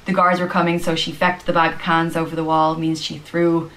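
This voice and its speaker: A woman from Ireland with an Irish accent, patiently explaining slang phrases and acting out examples, with frequent pauses and "um". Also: sits low, little pitch movement, fairly bright tone, rough recording. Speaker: slang teacher in a video.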